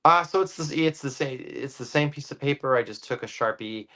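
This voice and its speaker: A man who is a guest comic artist, explaining his drawing process casually and thinking aloud with many pauses. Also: mid-range voice, bright, forceful tone.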